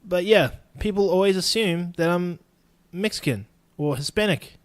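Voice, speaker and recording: A man's voice: sits high, normal speed, dry recording. A young man hosting a solo podcast, rambling in a laid-back way and swearing often. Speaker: podcast host. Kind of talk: casual solo podcast monologue.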